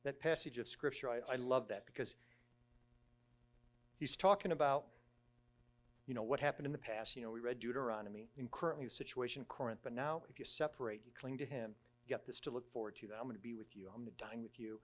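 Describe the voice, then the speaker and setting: A middle-aged man, a church elder, giving a conversational sermon in a halting way, with frequent restarts and fillers. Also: mid-range voice.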